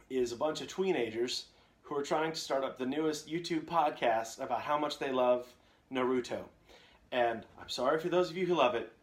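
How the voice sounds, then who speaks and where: A young man, a voice actor, chatting casually and joking with viewers during a live Q&A from his home recording setup on a condenser mic. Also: medium pitch. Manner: chatty, jokey, reads out viewer comments. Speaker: voice actor hosting a live Q&A stream. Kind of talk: casual live-stream chat. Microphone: condenser microphone with reflection shield.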